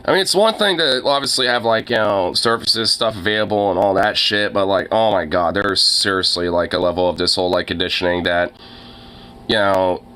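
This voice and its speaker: A man's voice: on the low side, fairly quick, sharp tone, clean tone. A young man ranting casually, with lots of fillers and swearing, sounding exasperated. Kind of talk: casual profane rant.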